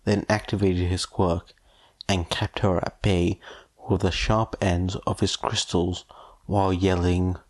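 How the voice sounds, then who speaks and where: A man narrating fan fiction aloud in a steady, plain storytelling manner. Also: deep voice, a little slow. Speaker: fanfiction audiobook reader.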